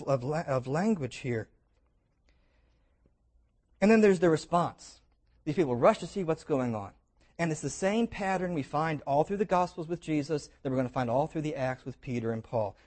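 A man preaching a sermon, retelling scripture as lively stories with jokes and invitations to imagine. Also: a little high. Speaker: pastor.

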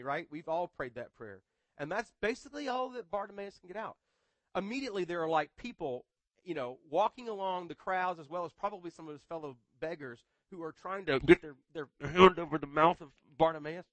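Guy preaching, chatty and loose, bright voice, dry close sound. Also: a little high, expressive, moderate pace, no echo. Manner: conversational, repeats words, humorous asides. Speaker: pastor. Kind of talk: sermon.

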